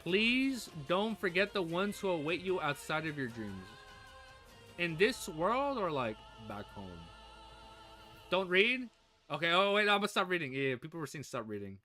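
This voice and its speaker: Chatty, excitable male streamer. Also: high voice, moderate pace, soft background music. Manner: excitable, chatty, talks to viewers and his puppy. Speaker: livestream reaction host. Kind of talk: casual livestream reaction chat.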